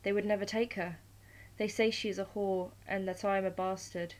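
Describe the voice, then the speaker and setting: A woman's voice: medium pitch, little pitch movement, normal speed, natural voice. A nervous young male thief from a storybook tale, as a woman reader puts him on. He stammers and hurries over his words, humble and anxious before a god.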